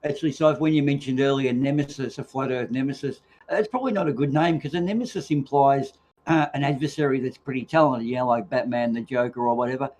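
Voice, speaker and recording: A man's voice: mid-range voice, fast, a little mellow, a little hiss or hum. A man chatting on an online voice call, joking and mocking. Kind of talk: casual chat on a voice call.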